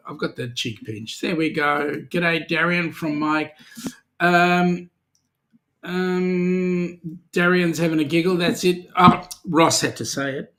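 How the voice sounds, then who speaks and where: Bright-voiced Australian man, jokey chat. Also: fairly high pitch, slow pace. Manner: jokey, reads out viewer comments. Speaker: host. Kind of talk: casual livestream chat.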